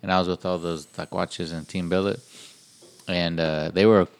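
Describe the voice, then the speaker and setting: Low gravelly dude on a podcast, swears a lot, loose rambling stories. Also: male voice, fairly even intonation, normal speed. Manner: loose storytelling with heavy swearing and slang. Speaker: podcast co-host. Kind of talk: casual chat.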